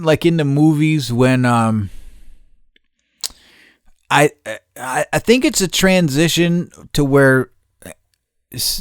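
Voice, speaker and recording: A man's voice: medium pitch, clear, resonant tone, dry recording. Male podcast host, mid-range voice, dry close sound, rambling profane storyteller. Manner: rambling, profane, laughing, acts out his own shouts. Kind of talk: casual storytelling monologue.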